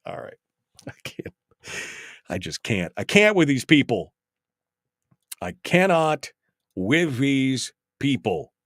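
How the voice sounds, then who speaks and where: A man's voice: mid-range voice, sing-song, slow, pauses often, a bit bright, dry recording, studio quality. A man hosting a talk show, chatting casually, laughing often and reading out chat messages with exasperated asides.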